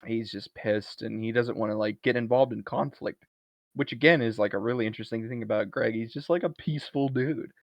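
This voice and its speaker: A man of middle pitch talks casually as a podcast co-host, recapping a movie with lively energy. His voice is dry and a little dull, as if from a modest podcast mic. He retells scenes with easygoing enthusiasm. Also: a little fast, vocal fry, dry recording. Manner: animated retelling, briefly acting out lines from a film.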